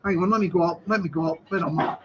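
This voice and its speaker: Male stream guest, high and husky, agreeable, lo-fi sound. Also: rapid-fire, background noise. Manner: agreeable, keeps saying yeah yeah. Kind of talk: casual live-stream chat.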